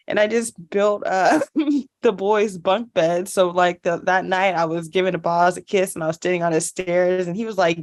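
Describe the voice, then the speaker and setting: A woman's voice: medium pitch, moderate pace. A woman co-hosting a casual podcast chat, giggly and chatty, with a lingering cough and sore throat. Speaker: podcast co-host.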